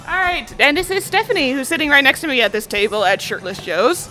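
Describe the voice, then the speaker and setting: A woman's voice: high-pitched, expressive, fast, music in the background. A woman from Newfoundland chatting casually at a restaurant dinner table in a loose, joking, rambling way. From Newfoundland, Canada. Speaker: dinner guest. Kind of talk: casual chat.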